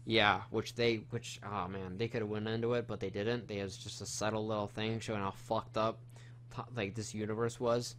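A man's voice: on the low side, flat delivery, a little fast, a bit bright, a little hiss or hum. A man hosting a casual film review chat, retelling the plot in a rambling, profane way with lots of fillers.

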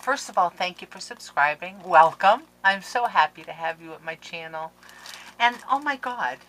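A woman hosting a crafting channel, chatting casually to viewers in a gushing, excitable way as she opens mail at home. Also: lowish voice, moderate pace. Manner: excitable and gushing, with gasps and laughs. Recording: noisy background with clicks.

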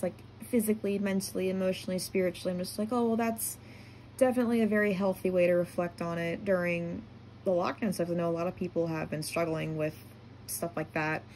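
Chatty young vlogger, filler-heavy. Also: female voice, medium pitch, a little hiss or hum. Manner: chatty, lots of "like" fillers, giddy when excited. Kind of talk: casual storytelling vlog.

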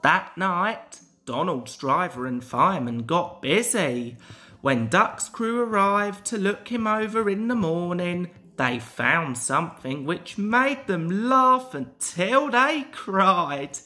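A man's voice: high voice, sing-song, takes it slowly, sharp tone. A young man reading a children's railway storybook aloud, carefully. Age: young adult.

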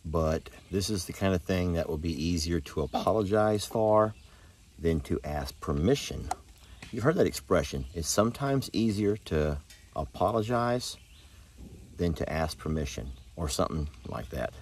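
A man, a ranch vlogger chatting folksily to the camera outdoors in a hot pasture, sometimes hushing and sometimes cooing at his animals. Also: low-pitched, animated, normal speed, slight background noise. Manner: chatty and folksy, shifts between loud and hushed, coos at animals. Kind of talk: casual vlog talk to camera.

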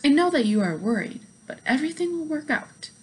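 A kindly motherly woman speaks in a gentle, reassuring way, as a woman reading aloud puts her on. Her tone is cheerful and calm, a comforting storybook voice. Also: sits high, brisk, voice pushed up. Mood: soothing.

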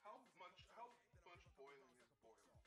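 A man's voice: medium pitch, very animated, moderate pace, bright, forceful tone, faint music behind. A man rambling casually to friends on a gaming voice chat.

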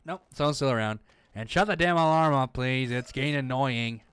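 A man's voice: medium pitch, fairly quick, fairly bright tone, clean tone, no echo. A man doing let's-play commentary, sarcastic and swearing, talking back at the game. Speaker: gamer playing through a game. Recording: noisy with clicking sounds.

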